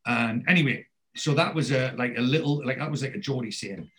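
Guy rambling through a tv episode recap, casual podcast chat, mid pitch, lots of restarts. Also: a little fast, a bit bright. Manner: rambling storyteller with many fillers and restarts.

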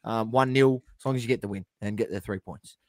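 A man's voice: on the low side, a little fast, a little mellow, no echo. Laid-back man, hesitant delivery. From Australia. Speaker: podcast co-host. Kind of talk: casual sports chat.

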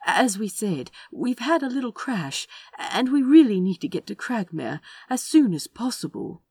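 A prim, fussy gentleman author who picks his words with care and a slightly airy politeness, as a woman voices him. His lines move up and down lively, recorded close and dry. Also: fairly high pitch, normal speed, husky, dry recording, pitched above the performer's own voice, heavily acted. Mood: polite, careful. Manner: polite, careful and a little airy.

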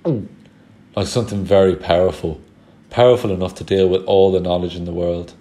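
A man reading as a teenage boy from a storybook, cheerful by nature and easily bewildered. He explains things earnestly, and the voice stays low and close to the reader's own. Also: fairly even intonation, normal speed, dark tone, natural voice. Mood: serious.

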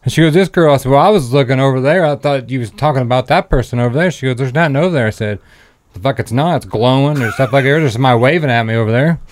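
A man's voice: medium pitch, rapid-fire. A young man telling a long, profane story to friends, acting out the quotes as he goes. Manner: rambling, profane, acts out quotes. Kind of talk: casual story among friends.

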